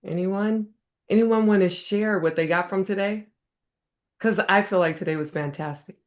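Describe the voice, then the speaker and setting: A woman with a mid-pitched voice hosts an online group session. She sounds upbeat and asks the group for questions and comments over a video call. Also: normal speed. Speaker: host.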